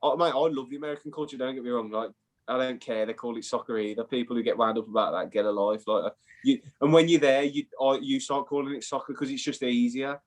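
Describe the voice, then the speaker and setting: A man's voice: mid-range voice, steady tone, fast. A young man with an English accent, chatting casually as an interview guest, swearing and calling the host "mate". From England. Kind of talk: casual chat.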